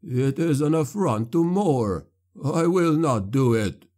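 Male narrator as a terrified priest, high, strained, drawn out. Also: animated, slow, a little mellow. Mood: horrified. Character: frightened male priest, defiant, horrified.

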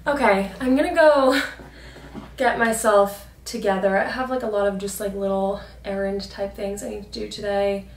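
A woman's voice: medium pitch, fairly even intonation, normal speed. A young woman in her twenties chatting casually and upbeat in a lifestyle vlog, full of fillers. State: out of breath. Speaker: lifestyle vlogger. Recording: echoey, distant from the mic, with background noise.

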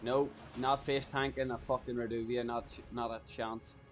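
A man giving excitable live gameplay commentary, laughing often and swearing casually. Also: mid-range voice, normal speed. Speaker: gaming YouTuber.

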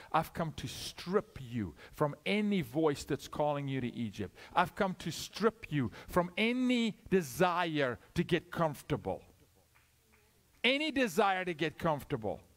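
A middle-aged man preaching a sermon, moving from loud urgent calls to hushed asides, asking questions and acting out short exchanges. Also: on the high side. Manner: asks questions, acts out dialogue. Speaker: guest preacher.

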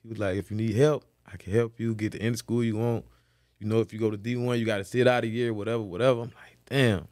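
A former football player from Florida tells stories as a guest in a casual interview, speaking fast with profane, animated energy. He keeps repeating "boom" as a beat, and the clean studio recording has no echo.

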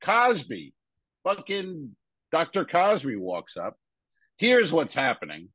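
A stand-up comedian co-hosting a podcast, telling a rambling backstage anecdote full of crude jokes. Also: male voice, fairly high pitch, wildly swooping pitch, slow pace, a bit bright, dry recording, low-quality recording. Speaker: podcast co-host. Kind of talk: casual storytelling.

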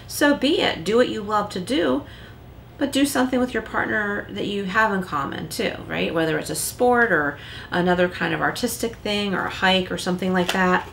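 Here a woman tarot card reader speaks at medium pitch, her voice creaky and a bit bright over a slight hiss or hum. She chats casually through the reading, leaning on "like" and rhetorical "right," occasionally performing little quoted lines.

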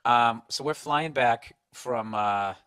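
A man's voice: mid-range voice, takes it slowly, pushed and bright. Blunt, profane middle-aged man ranting. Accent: Boston. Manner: blunt, profane, rambling with restarts. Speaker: podcast host and comedian. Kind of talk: casual comedic rant.

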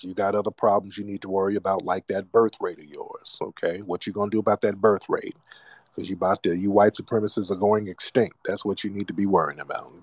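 A man's voice: deep voice, a little mellow, no echo. An American man hosting a call-in radio show, mocking and trash-talking his callers. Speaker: radio host.

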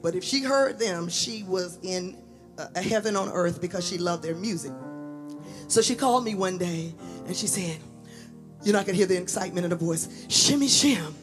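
A woman giving a lively storytelling tribute to her late mother at a memorial service in a church. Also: lowish voice, moderate pace, soft background music. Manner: animated storyteller acting out voices. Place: church sanctuary.

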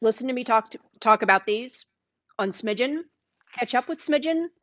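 A woman's voice: fairly high pitch, animated, normal speed, dry recording, lo-fi sound. A woman with a Southern US accent hosting a live cooking stream, chatty and enthusiastic, sometimes talking with her mouth full. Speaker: cooking show host. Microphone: sits with a microphone.

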